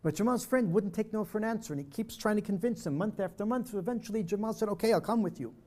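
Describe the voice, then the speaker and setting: A man's voice: sits high, quick pace, a little mellow. An older man giving a personal storytelling talk at a church presentation, vividly acting out the dialogue he recounts. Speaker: speaker at a peace dialogue presentation.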